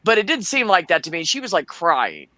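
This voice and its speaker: A man's voice: high-pitched, huge pitch swings, fairly quick, bright, forceful tone, dry recording. A man in a casual chat, telling stories bluntly and with animation, and swearing freely.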